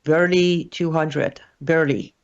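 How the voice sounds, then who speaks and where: A woman's voice: low voice, steady tone, a little slow, a little mellow, clean tone. A woman commenting as a guest on a talk show, hesitant, with many fillers and restarts. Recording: dull lo-fi audio.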